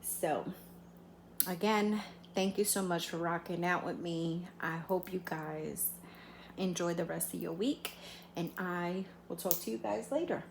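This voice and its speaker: A middle-aged woman telling a story in a casual, animated way and acting out the quotes, hosting her own vlog. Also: fairly low pitch, unhurried, gravelly, roomy sound, slight background noise. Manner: animated, acts out quotes, laughs while telling. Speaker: vlogger.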